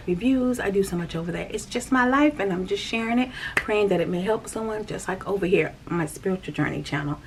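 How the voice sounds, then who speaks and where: Earnest woman, softly spoken. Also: on the low side. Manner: earnest, repetitive, soft and whispery at times. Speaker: faith vlogger. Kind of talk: casual spiritual talk. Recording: distant mic with faint noise.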